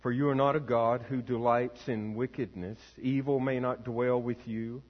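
A man, a pastor, reading scripture aloud and leading prayer in a slow, measured, solemn way. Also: mid-range voice, steady tone. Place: church sanctuary. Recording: long reverb, dull lo-fi sound.

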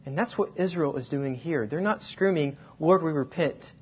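A man preaching a sermon, telling a personal story and slowing down to stress key words. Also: on the high side, slightly rough. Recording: dull lo-fi sound.

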